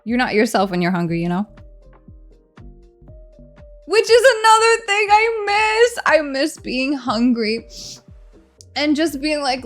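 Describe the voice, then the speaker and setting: A woman's voice: high-pitched, takes it slowly, pauses often, faint music behind. Chatty, teasing woman streamer. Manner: animated, laughing, teasing. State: hungry, eating during stream. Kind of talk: casual live-stream chat.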